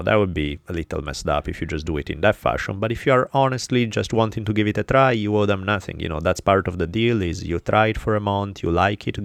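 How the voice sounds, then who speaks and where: A man's voice: low-pitched, vocal fry, no echo, clean studio sound. A man with an Italian accent hosting a podcast, reading sponsors and donor names in a loose, joking way. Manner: loose, joking, swears, stumbles over names. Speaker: podcast host. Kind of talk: casual podcast chat and sponsor reads.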